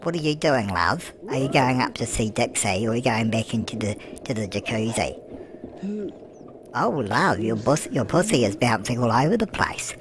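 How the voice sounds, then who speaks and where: A man's voice: mid-range voice, big pitch swings, normal speed, background noise. A man voicing a chatty elderly grandmother who comments on a life-sim game, cooing "love" at everyone and answering her own questions. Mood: gossipy. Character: chatty elderly British grandmother, fussing and cheeky. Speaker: gameplay commentator. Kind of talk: comic let's-play commentary in character. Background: background music.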